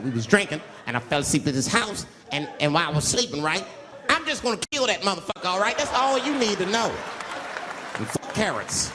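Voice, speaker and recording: A man doing a stand-up comedy routine, swinging between loud outbursts and muttered asides as he acts out characters. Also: high-pitched. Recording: live hall reverb with audience noise.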